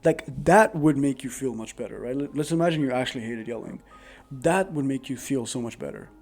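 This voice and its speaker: Mellow-voiced man giving earnest advice. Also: mid-range voice, fairly quick, soft background music. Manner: earnest, rambling, lots of "like" fillers. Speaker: advice vlogger. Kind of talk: casual advice monologue to camera. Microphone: new dedicated microphone.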